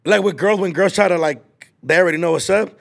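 Young male podcast host, twenties, a bit high and gravelly, rambling and slangy. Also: fast talker. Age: 20s. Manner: rambling storyteller, lots of filler and slang. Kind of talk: casual chat.

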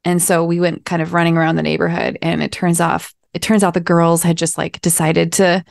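Podcast co-host, woman, 30s, lowish voice, dry close recording, chatty. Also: little pitch movement, gravelly, no room sound. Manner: amused, quick storytelling. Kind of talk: casual chat.

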